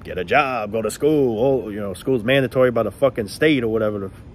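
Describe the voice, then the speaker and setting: A man's voice: mid-range voice, fast talker, a little hiss or hum. Blunt, cursing man ranting sarcastically. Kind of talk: casual rant to camera.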